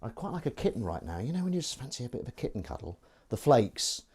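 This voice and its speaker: A man's voice: medium pitch, big pitch swings, fast talker, a little mellow, breathy edge. A man streaming while he washes up in his kitchen, chatting in a rambling, self-mocking way. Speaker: live streamer. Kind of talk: casual chat while washing up. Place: kitchen at the sink.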